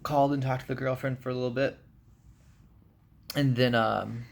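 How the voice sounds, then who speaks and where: A man's voice: medium pitch, moderate pace, vocal fry. A jet-lagged man giving a rambling, casual vlog update from a hotel room, full of fillers. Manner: rambling, filler-heavy, relaxed chat. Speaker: vlogger.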